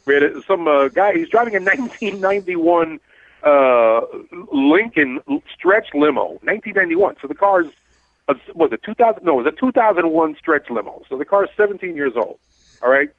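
A man's voice: a little high, sing-song, normal speed, no echo. A man, a cab driver hosting a talk radio show, blunt and rambling as he tells stories. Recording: tinny phone-like dry sound.

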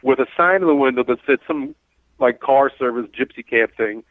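A man's voice: mid-range voice, normal speed, dry recording. A man, a cab driver hosting a talk radio show, blunt and rambling as he tells stories. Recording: tinny phone-like dry sound.

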